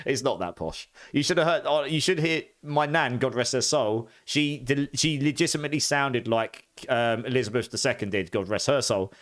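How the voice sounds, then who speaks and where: Chatty man with an Essex-posh accent. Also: mid-range voice. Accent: Essex mixed with a bit of posh English. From near London, England. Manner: chatty, quick to laugh, excitable reactions. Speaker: streamer. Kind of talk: live gameplay commentary.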